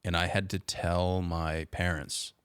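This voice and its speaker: A man's voice: low-pitched, flat delivery, measured pace, fairly bright tone, smooth, no room sound, studio quality. A young man telling a story as a podcast guest in casual chat, laid-back and saying "dude" and "like" all the time.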